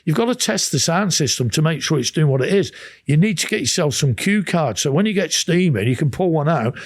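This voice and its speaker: A man's voice: fairly high pitch, lively intonation, a little fast. An English man, a podcast guest, telling long rambling anecdotes in a casual interview, full of quoted exchanges and restarts.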